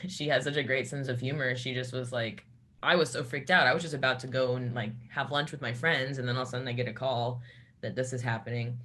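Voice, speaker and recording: A woman who sings in a metal band, speaking in a casual interview and telling a personal story haltingly, with many restarts. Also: rumbling low, fairly bright tone.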